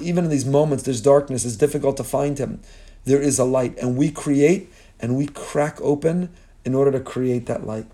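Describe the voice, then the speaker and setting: A man's voice: mid-range voice, warm tone. A man teaching a Torah lesson in a sermon style, building his points through long repeated lists and mixing in Hebrew phrases. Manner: impassioned, repetitive rhetorical lists.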